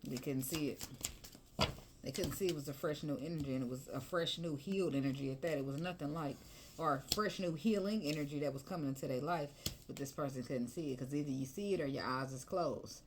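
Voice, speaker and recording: A fairly low-voiced woman chats her way through a tarot reading, loose and slangy. There is a faint hiss of noise under her voice. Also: brisk. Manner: chatty, slangy, breaks into singing and laughs. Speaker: tarot reader.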